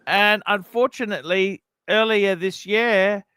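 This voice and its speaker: A man with a high, clear, crisp voice co-hosts a casual livestream. He speaks slowly and plainly, in a dry, close sound. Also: pushed and bright, no echo. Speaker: livestream co-host.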